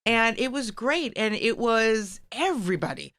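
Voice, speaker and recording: A woman's voice: fairly high pitch, expressive, unhurried, a bit bright, no echo, studio quality. A middle-aged American woman telling stories as a guest in a casual chat, acting out the people she quotes. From United States. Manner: storytelling, acts out quoted voices.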